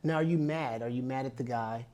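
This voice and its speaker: A man's voice: mid-range voice, brisk, a little mellow. A man hosting a podcast, asking plain questions in a casual interview and putting in short replies. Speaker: podcast host.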